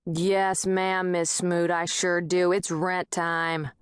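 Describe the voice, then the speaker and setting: A woman's voice: on the low side, level tone, takes it slowly, smooth, no room sound, studio quality. A woman voicing a nosy, bullying old male landlord with a thick rural Southern accent who hollers and mocks. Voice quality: hollering, mocking.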